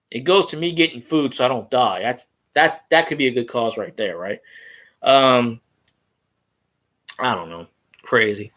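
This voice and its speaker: Rambling New man, lively voice. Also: mid-range voice. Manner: loose, rambling and crude, with fillers. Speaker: fan vlogger. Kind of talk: casual rambling fan vlog.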